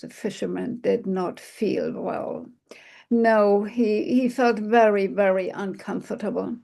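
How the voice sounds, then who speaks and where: Slow, expressive woman storyteller. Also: medium pitch, creaky. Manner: slow, expressive, with soft sighs and hushed passages. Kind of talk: oral fairy-tale storytelling.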